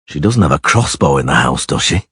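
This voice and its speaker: A man voicing a gruff, dry-witted monster hunter, speaking low and terse, a little deeper than his own voice. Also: sing-song, a little fast, fairly bright tone, no echo, exaggerated voice. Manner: low, terse, dryly sarcastic.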